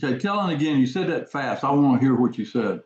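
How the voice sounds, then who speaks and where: A man's voice: mid-range voice, expressive, fast talker, a little mellow. A man hosting a casual live trading webinar, folksy and repetitive, who quizzes his audience. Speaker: trading course host. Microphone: video call. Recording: echoey, dull lo-fi audio.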